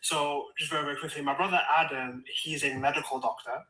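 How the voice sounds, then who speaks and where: A man from Nigeria, a guest on a live stream, talking in an enthusiastic, quick way. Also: a little high, steady tone, pushed and bright. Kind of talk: casual live-stream chat. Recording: roomy echo.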